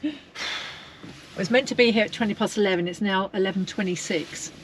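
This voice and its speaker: A woman's voice: medium pitch, fairly quick, slight background noise. A woman chatting casually in a travel vlog, impatient and exasperated while waiting. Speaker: vlogger.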